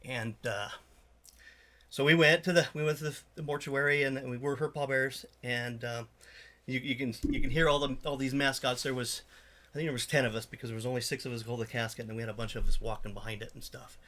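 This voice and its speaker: A middle-aged man who founded a charity, telling an emotional story in an interview, halting with frequent fillers and restarts. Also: medium pitch, fairly even intonation, pushed and bright.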